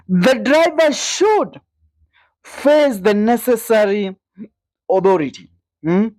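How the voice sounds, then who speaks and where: A woman's voice: medium pitch, darkish tone, dry recording. A woman with a Kenyan accent giving indignant, opinionated news commentary, asking rhetorical questions and slipping into Swahili.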